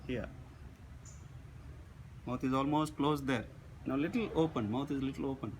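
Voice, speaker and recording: A male teacher gives a phonetics lecture at a very unhurried pace. His voice sits a little high for a man, and he repeats himself as he sounds out each vowel. A faint hum of room noise sits under his voice. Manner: slow, repetitive, demonstrates vowel sounds aloud.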